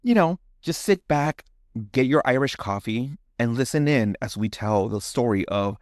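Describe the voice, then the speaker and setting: Expressive and a little mellow, this man speaks at medium pitch and a moderate pace. He's a horror podcast co-host given to chatty talk, frequent "like"s and laughter, and he also tells ghost stories in a dramatic narrating style.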